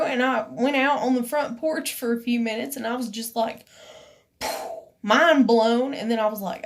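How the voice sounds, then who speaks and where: A woman's voice: fairly high pitch, moderate pace. A woman, telling a personal story to camera in a rambling, emotional way with many fillers. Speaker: vlogger.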